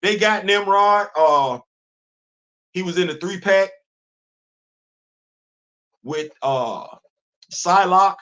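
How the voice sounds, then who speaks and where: Animated high-voiced man chatting solo. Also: drawn-out words, long pauses. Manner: animated, repeats himself, self-questioning asides. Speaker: host. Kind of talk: casual solo livestream chat. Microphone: livestream studio setup.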